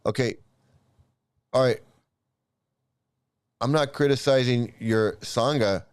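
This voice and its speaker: A man's voice: medium pitch, slow pace, long pauses, clean tone, dry recording. Profane, heated man ranting, dry sound. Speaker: YouTube commentator. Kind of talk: angry ranting commentary.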